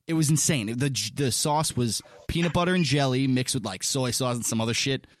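A man in casual podcast chat who tells stories with animated energy and swears freely. His voice sits in an ordinary middle register. The recording is dry and close, with no room sound. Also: medium pitch, a little fast, dry recording. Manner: animated, laughing, swearing storyteller. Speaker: podcast co-host.

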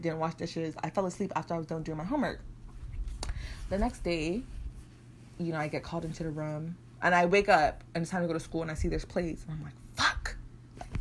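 A young woman from Nigeria, co-hosting a podcast, telling childhood stories in an animated, profane way with bursts of laughter. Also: lowish voice, slight background noise. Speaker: podcast co-host. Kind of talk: casual chat.

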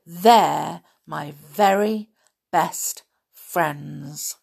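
A woman voicing a sweet, gentle young princess with a high, eager voice. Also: extremely slow, creaky, slightly rough, heavily acted. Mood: warm.

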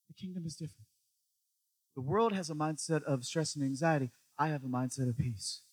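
A man preaching a sermon. He swings between loud, emphatic lines and quiet, low stretches, repeating phrases for emphasis and asking the listener questions. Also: husky, dry recording.

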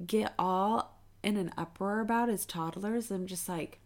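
A woman co-hosting a casual podcast chat, chiming in with quick reactions and laughing along. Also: mid-range voice. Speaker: podcast co-host, mother.

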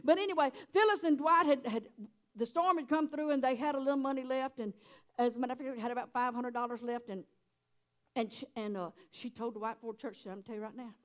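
High-voiced folksy woman preaching. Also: quick pace. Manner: folksy, chatty, laughs often. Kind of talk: sermon.

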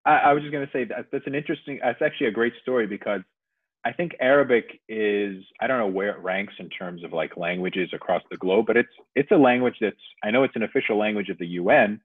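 A man's voice: lowish voice, fast, breathy edge, no room sound. A man as a podcast guest, explaining things thoughtfully at length in casual conversation. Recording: dry, phone-like remote audio.

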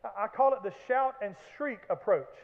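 Animated preacher in an echoey hall. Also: male voice, sits high, moderate pace, creaky. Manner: animated preaching with acted-out shouts and asides. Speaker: pastor. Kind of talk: sermon. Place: church sanctuary. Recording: echoey hall, phone-like band.

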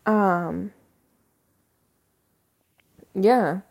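A woman's voice: mid-range voice, extremely slow, creaky, a little mellow, no echo, clean studio sound. A young woman hosting her own podcast from home, chatting loosely with lots of fillers, laughs and the odd swear. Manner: rambling, many fillers, swears, laughs often. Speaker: podcast host. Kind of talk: casual solo podcast chat. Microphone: handheld microphone.

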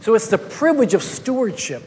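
High-voiced man preaching in a hall. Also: big pitch swings, a little fast, a little mellow. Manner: storytelling with frequent repeats and restarts. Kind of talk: sermon.

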